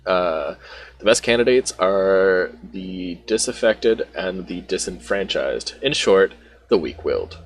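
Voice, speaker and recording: Guy reading a sly know-it-all elf, low gravelly voice. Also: animated, takes it slowly, full character voice. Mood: wry. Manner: reads game dialogue aloud without doing a voice. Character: witty, knowing painted elf lecturer.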